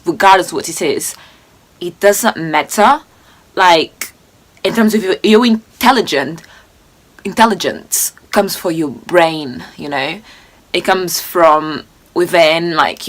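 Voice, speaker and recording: Indignant young woman reacting. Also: lowish voice. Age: 20s. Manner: animated, indignant, rambling with restarts. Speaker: reaction video host. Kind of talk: casual reaction commentary.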